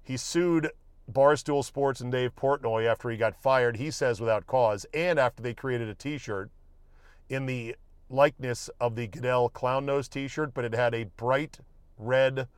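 A man's voice: mid-range voice, a little slow, clean tone, no room sound. Male podcast host, casual wry monologue, mid-range voice, dry sound. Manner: wry, joking, offhand, with swearing.

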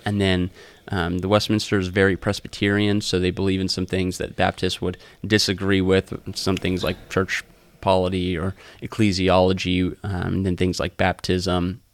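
A man co-hosting a casual theology podcast, talking in a relaxed, rambling way over a phone line. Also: deep voice, moderate pace, hardly any pauses, no room sound. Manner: relaxed, rambling, self-correcting. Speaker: podcast co-host. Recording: dry phone-line recording.

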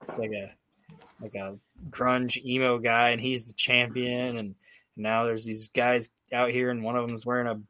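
A man's voice: mid-range voice, little pitch movement, normal speed, bright, forceful tone, no echo. A man hosting a casual podcast, telling a rambling, profane story with lots of fillers and restarts. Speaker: podcast host. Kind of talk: casual recap chat.

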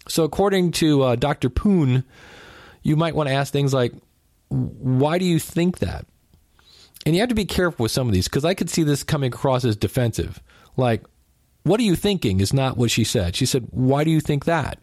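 A man's voice: medium pitch, a little mellow, no room sound, clean studio sound. A man hosting a podcast, giving casual relationship advice in a conversational way, with joking asides and quoted lines acted out. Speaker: podcast host.

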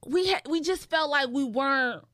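A woman's voice: high-pitched, moderate pace, a bit bright. A woman in her thirties telling a story in a casual chat and talking straight to the audience as y'all. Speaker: guest.

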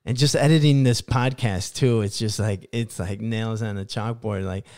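A man's voice: on the low side, steady tone, moderate pace, darkish tone. A man hosting a podcast, laid-back and laughing along with short replies. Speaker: podcast host. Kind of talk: casual podcast chat.

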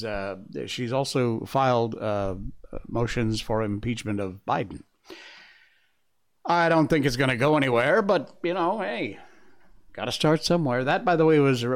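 Rambling man hosting a podcast. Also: medium pitch. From Connecticut. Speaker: podcast host and voice actor. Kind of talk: casual political commentary.

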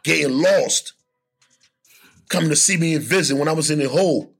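A man on a podcast telling a hard personal story with lots of emotion, acting out other people's voices in loud high bursts. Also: moderate pace, husky, faint music behind. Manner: animated, acts out voices and shouts in high bursts. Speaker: podcast guest sharing his story.

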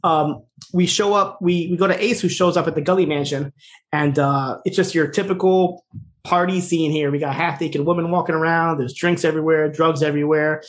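A man's voice: a little high, fairly even intonation, fairly quick. A man co-hosting a podcast, casually retelling a TV episode with fillers and laughs. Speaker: podcast co-host recapping a TV episode. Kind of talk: casual chat.

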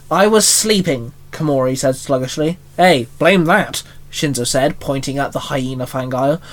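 A man narrating a fan-written story, reading plainly with small stumbles and lightly voicing the characters. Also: a little high.

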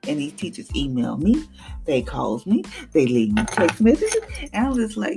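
A woman's voice: low voice, wildly swooping pitch, normal speed, gravelly, darkish tone, soft background music. A woman hosting a devotional podcast, speaking in a casual, emphatic way and acting out what she said to others.

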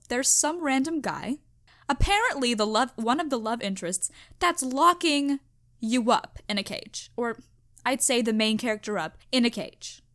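Animated young woman chatting solo. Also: on the high side. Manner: animated, emphatic, self-reflective. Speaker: podcast host. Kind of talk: casual solo chat.

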